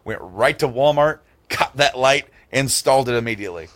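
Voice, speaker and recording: A man's voice: mid-range voice, lively intonation, brisk, fairly bright tone. A man in his thirties hosting a podcast, telling a story in casual chat and acting out both sides with raised voices. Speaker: podcast host.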